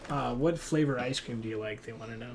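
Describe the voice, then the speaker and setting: A man with a medium-pitched, creaky voice talks quickly while streaming a hunting game, with a slight hiss or hum in the audio. He rambles and teases a friend in casual chat, using frequent fillers.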